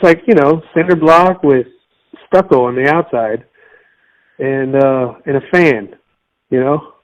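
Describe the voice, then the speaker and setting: A man's voice: fairly high pitch, darkish tone, highs cut off. A man from Miami chatting on a podcast, telling stories in a rambling way. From Miami, United States. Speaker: podcast co-host. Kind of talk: casual chat.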